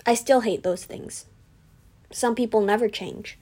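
Teen girl vlogger, slightly high, slow, rambling and indignant. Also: warm tone. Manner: chatty, self-deprecating, rambling with fillers; indignant, venting. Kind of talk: casual storytime vlog.

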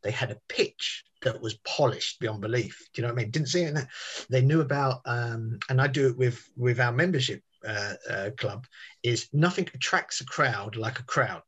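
A man's voice: medium pitch, normal speed, a bit bright, breathy edge. A man, telling a rambling story in casual podcast chat. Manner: chatty, rambling with restarts and tangents. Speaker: podcast guest.

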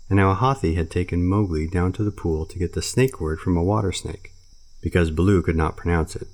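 A man reads a classic storybook aloud in a steady, even manner. His voice sits very low. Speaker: narrator. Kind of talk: storybook reading.

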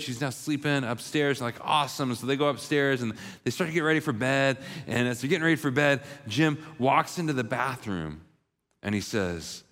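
In a large hall with long reverb, a pastor preaches with a medium-pitched, fairly bright voice. His sermon includes a story in which he gives voice to each character.

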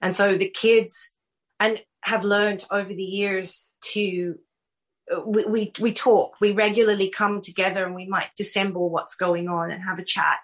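A woman's voice: mid-range voice, normal speed. A middle-aged woman with an Australian accent, a guest author telling stories animatedly in a casual podcast interview. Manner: warm, animated storytelling with laughs.

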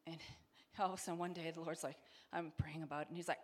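A woman telling a mission story with her husband, in a steady, matter-of-fact manner. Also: low-pitched, fast. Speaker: missionary co-host. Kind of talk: casual testimony talk.

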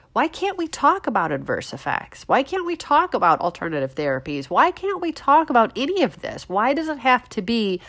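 A woman with a slightly high, fairly bright voice hosts a political opinion show. Stuffy-nosed from a head cold, she speaks bluntly with sarcasm and mockery.

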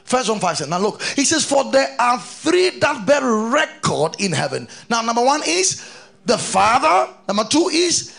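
A man preaching a sermon, reading scripture aloud and keeping on questioning his congregation in an animated way. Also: very high voice, normal speed, creaky, soft background music. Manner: reads scripture aloud between explanations.

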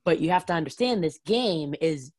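A woman chatting casually about reality TV, full of "like" and quick asides. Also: low-pitched, animated, darkish tone, no echo. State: has the hiccups.

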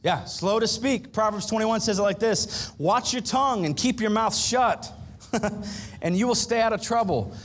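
A male pastor giving a sermon in a relaxed, joking, conversational way, with asides to the congregation. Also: sits high, measured pace. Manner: humorous, conversational preaching with audience asides.

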